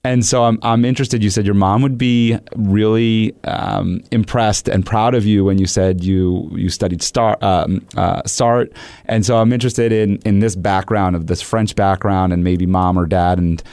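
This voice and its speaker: Low-voiced man hosting a podcast. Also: moderate pace, smooth, no echo. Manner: animated storytelling with acted-out quotes. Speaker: podcast host and coach. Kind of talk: conversational interview.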